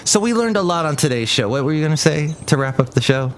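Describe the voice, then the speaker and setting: Speaking fast in a somewhat high, expressive voice, the middle-aged podcast host rambles through a casual chat full of fillers. The recording carries slight background noise.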